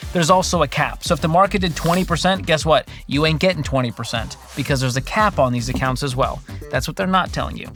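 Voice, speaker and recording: Brief: sarcastic male finance host, casual comedic commentary, slightly high-pitched, faint background music. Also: a bit bright. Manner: wry, sarcastic, jokey. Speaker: personal finance host reacting to videos.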